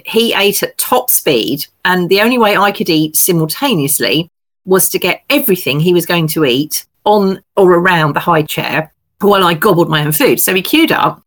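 Low creaky middle-aged English woman. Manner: lively storyteller, self-deprecating. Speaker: novelist guest. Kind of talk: casual anecdotal chat.

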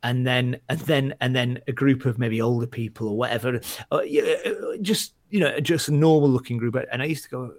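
A man's voice: mid-range voice, brisk, few pauses, no echo. A male stand-up comedian chatting casually, rambling with many restarts and fillers as he tells stories. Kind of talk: casual chat.

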